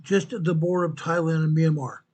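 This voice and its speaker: A man hosting a show, walking viewers through an earthquake map in a slow, emphatic way and repeating his points. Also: a little high, little pitch movement, a little mellow. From United States. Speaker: show host presenting earthquake updates. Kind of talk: informal map walkthrough commentary.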